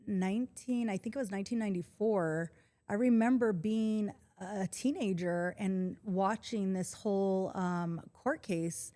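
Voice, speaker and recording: A woman in her forties speaks in a middle-range voice as a podcast guest. She tells a personal story in casual conversation, calm and earnest, and keeps an even tone. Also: mid-range voice, a little slow. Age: 40s.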